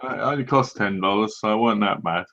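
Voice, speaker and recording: A man co-hosting a movie review, retelling scenes in a lively way and often laughing. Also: fairly low pitch, fast. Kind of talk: casual chat. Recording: dull lo-fi home recording.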